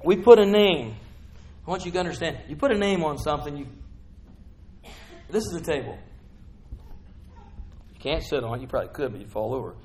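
A middle-aged man preaching a sermon in church, chatty with the congregation and breaking into bursts of excitement. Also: fairly high pitch, fairly quick, long pauses, slight background noise.

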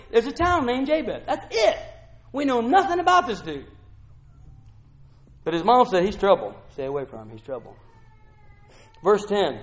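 A middle-aged male pastor preaching a sermon, swinging from quiet asides to shouted exclamations. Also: high voice.

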